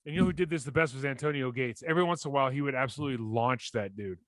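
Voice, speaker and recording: A man in his forties co-hosting a casual sports podcast, animated and breaking down plays in detail with many restarts. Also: medium pitch, racing, no echo. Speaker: podcast co-host, former NFL lineman.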